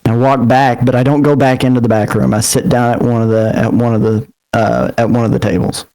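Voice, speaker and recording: A man's voice: mid-range voice, fairly even intonation, fairly quick, warm tone. A man, a tabletop player speaking heatedly in character, defiant and swearing. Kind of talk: in-character tabletop role-play.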